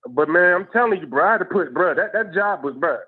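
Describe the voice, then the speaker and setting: A man's voice: sits high, animated, fast talker, slightly rough. A man calling into a show, telling stories in a chatty, laughing way and ending lines with "bro". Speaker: caller. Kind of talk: phone-in storytelling. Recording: muffled lo-fi phone call.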